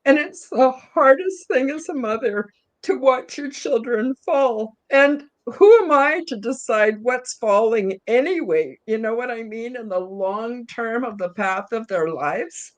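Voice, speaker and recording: A middle-aged woman speaking on a spiritual panel discussion, emotional and near tears, apologizing and talking warmly with many fillers. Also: on the high side, lively intonation, unhurried. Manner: heartfelt, apologetic, chatty with fillers. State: tearful, emotional. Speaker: panel guest.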